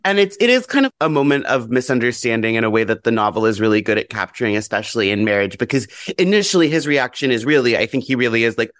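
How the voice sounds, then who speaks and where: A man talking as a podcast guest in a casual book discussion, animated, bluntly swearing and acting out quoted lines with big jumps in pitch. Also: quick pace, dry recording.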